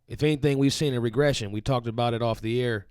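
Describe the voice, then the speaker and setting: Chill co-host guy, smooth clear voice, dry close sound. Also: medium pitch, dry recording. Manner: measured and calm, reads audience shoutouts. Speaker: co-host and producer. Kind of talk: live show co-hosting.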